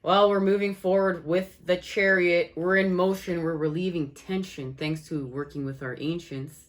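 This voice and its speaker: A woman's voice: fairly low pitch, steady tone, a little hiss or hum. A woman giving an enthusiastic channeled astrology and tarot reading, talking straight to her viewers as "guys" and repeating her phrases. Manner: repetitive, rephrases lines in quick succession. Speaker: tarot reader.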